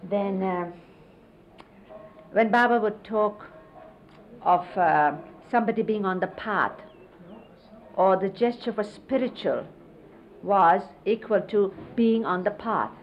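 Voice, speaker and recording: A middle-aged woman casually reminiscing, explaining hand gestures in an unhurried, conversational way and often quoting others. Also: mid-range voice, animated. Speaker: interviewee recalling life with a spiritual teacher. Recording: lo-fi 1970s videotape, faint hiss.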